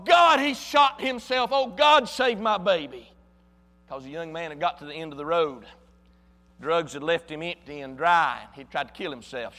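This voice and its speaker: A man's voice: high voice, big-room sound. A man preaching a sermon with passion, his volume rising and falling for emphasis. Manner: passionate, emphatic preaching with wide swings in loudness. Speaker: pastor.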